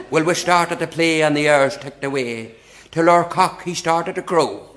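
A man's voice: fairly high pitch, measured pace, a bit bright. A man reciting a comic poem in a lilting storytelling way, chuckling through the lines. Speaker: performer reciting comic verse.

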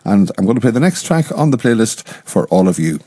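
Deep, dark-voiced radio presenter, man. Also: very animated, brisk, husky, dry recording. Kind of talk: radio dedications and links.

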